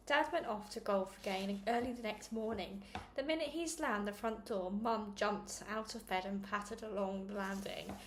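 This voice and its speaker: A woman who hosts a read-along channel, chatty and upbeat before reading a chapter aloud in a steady narration. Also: mid-range voice, a little hiss or hum. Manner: chatty and upbeat, self-deprecating. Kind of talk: casual intro, then read-along narration.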